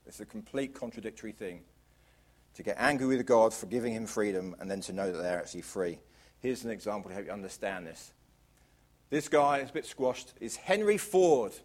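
A man preaching a sermon to a congregation, asking rhetorical questions and swinging from loud emphasis down to quiet, low lines. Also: a little fast. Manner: varies volume widely, drops to quiet emphasis; asks the audience rhetorical questions.

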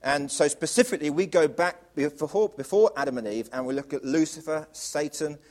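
A man preaching a sermon to a congregation, asking rhetorical questions and swinging from loud emphasis down to quiet, low lines. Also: a little fast. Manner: varies volume widely, drops to quiet emphasis; asks the audience rhetorical questions.

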